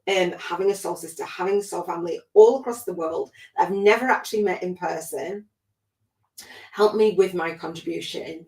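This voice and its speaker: Laughing frequently and near tears, this woman speaks in a gushing, emotional way during a motivational livestream she hosts as a spiritual life coach. Her voice is lowish, and the sound is roomy.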